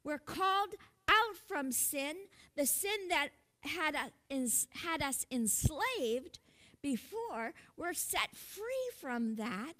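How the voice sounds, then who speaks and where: A woman pastor preaches in a slow, measured sermon. Her voice sits high and sounds bright. She speaks earnestly, turning to the congregation with asides and laughing lightly between her points. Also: big pitch swings.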